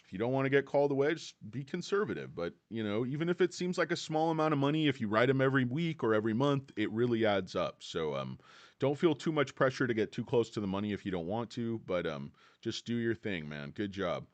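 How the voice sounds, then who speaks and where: A man's voice: medium pitch, lively intonation, fast talker, no room sound. A tired man from California's Central Valley hosting a casual stock livestream, rambling and joking with plenty of fillers. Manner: rambling, jokey, many fillers.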